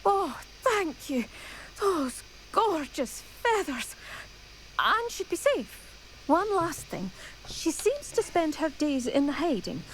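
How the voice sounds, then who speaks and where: A woman with a soft Scottish accent voicing a gentle woman in a video game who dotes on a rare bird. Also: sits high, very animated, takes it slowly, a little hiss or hum, heavily acted, rough recording. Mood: doting. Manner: soft, doting, earnest. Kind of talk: game character dialogue.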